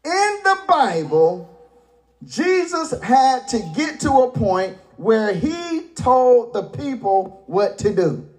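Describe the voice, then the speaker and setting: A man pastor preaching a sermon, retelling scripture in folksy paraphrase and breaking into shouted emphasis. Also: very high voice, big pitch swings, slow pace.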